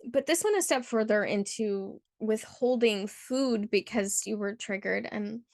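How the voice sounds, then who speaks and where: A woman's voice: medium pitch, a little slow, vocal fry, a little mellow, no room sound, clean studio sound. A woman hosting her channel, reading a viewer's submitted story aloud and then reacting with earnest, heartfelt commentary full of casual fillers. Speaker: channel host.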